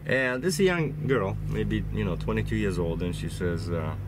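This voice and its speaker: A man's voice: on the low side, expressive, measured pace, noisy background. A man who drives trucks, with a cold and a runny nose, chatting on at length with lots of fillers and restarts. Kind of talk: casual vlog storytelling. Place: inside a truck cab.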